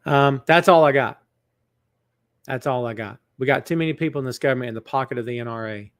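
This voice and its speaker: A middle-aged man hosts a wrestling podcast as a casual live stream from a large building, chatting with viewers and greeting them by name. His voice is medium-pitched and he talks fast, earnest throughout and somber when things turn serious. The webcam setup yields a dry, studio-quality recording.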